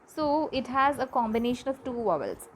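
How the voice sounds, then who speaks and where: A woman's voice: fairly high pitch, sing-song, moderate pace, a little hiss or hum, poor audio. A woman teacher, giving a pronunciation lesson and carefully repeating example words.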